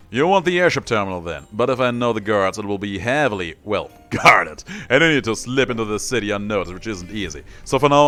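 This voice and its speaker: A man voicing a helpful stowaway ally, reading game dialogue aloud in a calm way. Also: lowish voice. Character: friendly male stowaway ally.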